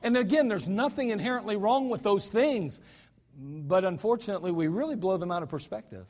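High-voiced American man preaching in a hall. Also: animated, brisk, a little mellow. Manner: folksy, self-deprecating preaching with asides. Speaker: pastor. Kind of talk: sermon. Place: church sanctuary. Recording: hall reverb.

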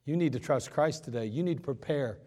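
A man preaching an impassioned sermon in a church, swinging between loud urgent pleas and quiet hushed moments. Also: on the high side, fairly quick, big-room sound. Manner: impassioned preaching, rising and falling in force. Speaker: pastor.

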